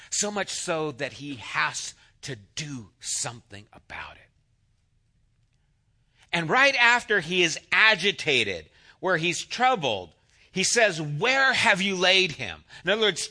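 Man, pastor, sermon delivery: slow, bright and slightly high, loud emphasis dropping to hushed asides. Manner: storytelling, swings from loud to hushed. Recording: church sermon audio.

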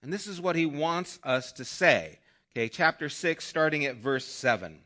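A man preaching a sermon as a pastor, retelling a story and quietly voicing the quoted thoughts. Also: on the high side, animated, normal speed.

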